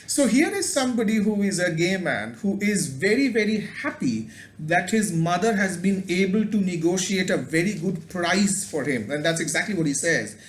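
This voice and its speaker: A man with a fairly high voice gives a thoughtful video lecture, pausing on ums and repeating words as he works out his thoughts. The room adds a noticeable echo around him. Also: animated. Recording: roomy echo.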